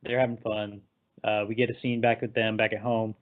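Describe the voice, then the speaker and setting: A man recapping a film in casual chat, animated and laughing, sometimes acting out the characters. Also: fairly low pitch, brisk. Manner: animated, acts out characters in quotes, laughs often. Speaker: podcast co-host. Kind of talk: casual movie discussion. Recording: tinny phone-like line.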